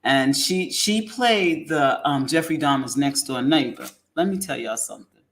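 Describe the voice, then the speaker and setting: A woman hosting a casual commentary show, rambling and halting with many ums. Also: a bass voice. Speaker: host.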